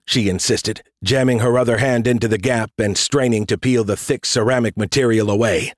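A man narrating a military science fiction audiobook in a steady, measured way. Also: fairly low pitch, no echo, studio quality. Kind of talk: scripted narration.

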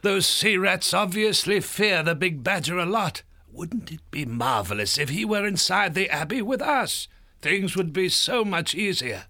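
A male narrator voicing an elderly, kindly abbot in an audiobook, gentle and fatherly as he reasons things through. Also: high voice, expressive, a little slow, voice pushed up, heavily acted. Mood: thoughtful. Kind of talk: audiobook character voice.

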